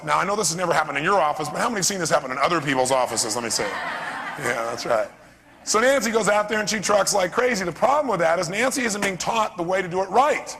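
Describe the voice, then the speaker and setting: Casting: animated male motivational speaker, rapid and bright, quizzing a crowd. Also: sits high, vocal fry, breathy edge. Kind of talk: live seminar talk. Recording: long reverb of a seminar hall.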